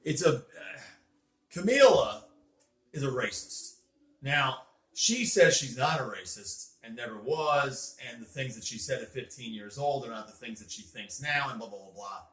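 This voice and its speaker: A man's voice: medium pitch, expressive, normal speed, a bit bright. A man hosting a casual chat with a child, explaining things in an earnest, lecturing way while sitting on a bed indoors. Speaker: host. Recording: roomy echo.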